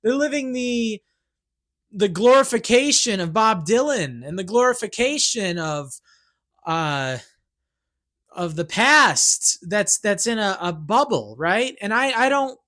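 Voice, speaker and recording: Give me a man venting on his channel, rambling and restarting, bright edgy tone. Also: high-pitched, lively intonation, slow. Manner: rambling, self-interrupting, keeps asking "right?". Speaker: YouTuber and songwriter. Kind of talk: ranting monologue.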